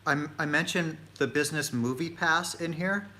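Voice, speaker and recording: A man co-hosting a casual travel live stream on a phone, easygoing and measured. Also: on the high side, pushed and bright. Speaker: travel vlog co-host.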